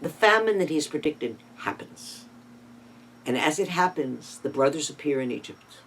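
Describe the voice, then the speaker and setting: This sermon has a Torah teacher retelling scripture, voice rising and falling dramatically in volume and landing pointed stresses, with casual asides and rhetorical questions slipped in. The medium-pitched voice is animated and moderately paced, set against a faint hum. Audio quality is poor.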